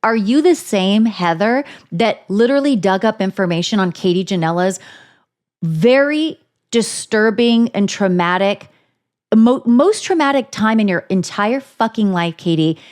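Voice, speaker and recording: Woman podcast co-host, fired-up and foul-mouthed, average pitch. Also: animated, measured pace, darkish tone. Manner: heated, profane ranting. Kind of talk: casual chat.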